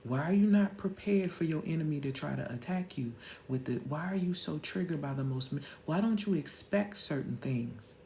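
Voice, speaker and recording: A woman's voice: sits low, animated, moderate pace, dark tone, slight background noise. A woman in her thirties hosting a live-stream motivational talk, emphatic and slangy, firing off rhetorical questions.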